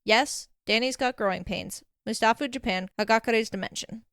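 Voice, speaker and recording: Brief: woman doing a quick, earnest young woman, a bit flustered, dry close mic. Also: a little high, fairly bright tone, no echo. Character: young woman, anxious but sharp older sister.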